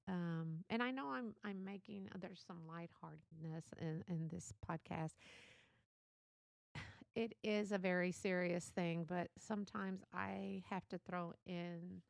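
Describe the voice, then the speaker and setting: An older woman hosts a casual solo podcast, chatty and motherly, often laughing as she talks. Her voice is on the low side, slow and creaky, with fairly even intonation on a dry recording.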